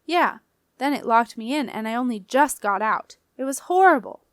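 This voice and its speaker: A woman's voice: on the high side, expressive, normal speed, a bit bright, smooth, no echo, studio quality. A woman voicing a sulky, defiant teenage boy who whines in a raised voice.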